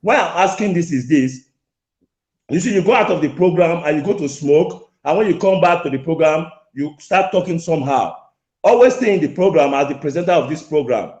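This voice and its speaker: A man's voice: a little high, lively intonation, brisk, a little mellow. A man calling in to a show with an angry complaint, repeating himself and talking over the host. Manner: repetitive, insistent, interrupting. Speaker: caller. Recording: echoey lo-fi phone call.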